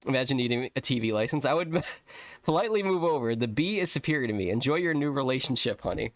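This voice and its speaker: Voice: medium pitch, animated, quick pace, no echo. A streamer giving casual gameplay commentary, chatty with rambling asides and laughing at the game. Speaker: streamer playing a video game. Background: game music.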